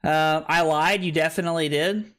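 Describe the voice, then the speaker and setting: A tipsy man hosting a card game tournament on his livestream, talking loudly and excitably, swearing freely and laughing often. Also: a little high, normal speed. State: tipsy from drinking. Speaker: streamer and tournament host. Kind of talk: casual livestream commentary. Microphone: streaming microphone.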